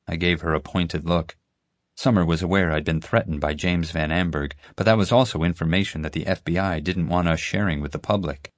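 Male narrator, first person story, lowish voice, dry close sound. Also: normal speed, no echo. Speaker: audiobook narrator.

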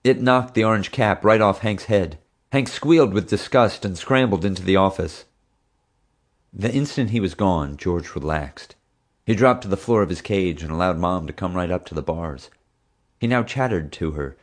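A man narrating an audiobook in expressive storytelling fashion. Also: low voice. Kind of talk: scripted narration.

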